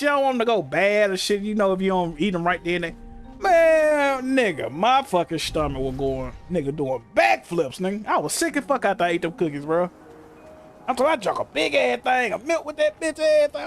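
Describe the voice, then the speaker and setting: A young man streaming from his room, telling stories in casual, profane, animated chat. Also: very high-pitched. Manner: animated, profane storytelling with frequent laughs. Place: home room.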